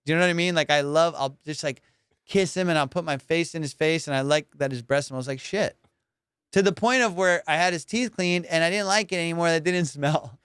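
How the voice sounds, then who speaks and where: A male podcast host with a fairly high, smooth, clear voice rambles loosely through a casual comedy chat. He swears freely and laughs often as he talks. He is recorded close on a dry studio mic. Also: a little fast, fairly bright tone, no room sound.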